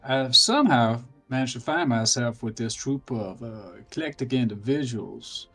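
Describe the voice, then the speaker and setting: A man voicing a calm, wry monk from a distant land in a tabletop role-play. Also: mid-range voice, normal speed, faint music behind.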